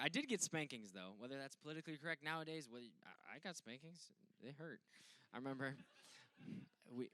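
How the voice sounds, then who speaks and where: A man's voice: mid-range voice, bright, forceful tone, no echo. A young adult man preaching a casual sermon as a pastor, telling stories in a joking, self-mocking way.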